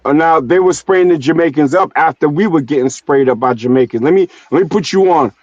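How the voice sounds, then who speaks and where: A stream host from New York City chats a little fast in a slightly high, darkish voice, telling stories in heavy, loose slang and leaning on fillers like "you know what I'm saying." The casual streamed conversation comes through muffled, dull and dry, with no room sound.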